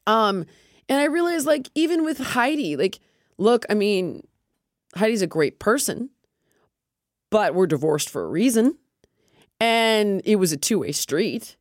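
A woman's voice: medium pitch, a little slow, pauses often, no room sound, clean studio sound. A middle-aged woman hosting a podcast, talking candidly and animatedly, acting out what she and others said and swearing freely. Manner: animated, quotes herself and others in lively put-on voices, swears freely. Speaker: podcast host. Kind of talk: candid casual chat.

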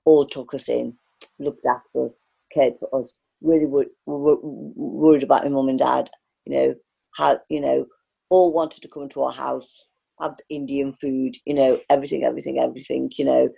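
A woman's voice: extremely low pitch, flat delivery, normal speed, vocal fry, mellow, husky, rough recording. A woman from the area, an artist reminiscing in a rambling interview full of restarts. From Liverpool area, England. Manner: rambling, many fillers and restarts. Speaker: artist guest.

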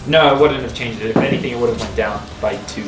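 A man playing a tabletop game, animated and joking. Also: mid-range voice, fast talker, over loud music. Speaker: player. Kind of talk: casual chat at a game table. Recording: echoey room, distant mic.

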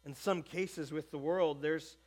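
Slow, emphatic high-voiced male preacher. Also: fairly even intonation. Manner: quiet, hushed prayer. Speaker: pastor. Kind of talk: sermon.

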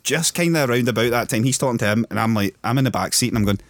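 A man's voice: mid-range voice, racing, no echo. A man with a Scottish accent co-hosting a podcast, joking and laughing along in casual chat. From Scotland. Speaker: podcast co-host. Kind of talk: casual chat over beers.

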